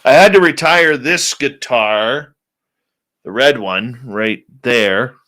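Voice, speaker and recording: A middle-aged man hosts a live show in a loose, casual way. His voice is bright and forceful at a middling pitch. He greets viewers by name and rants bluntly. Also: lively intonation, slow pace. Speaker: radio show host. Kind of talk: casual live-stream chat.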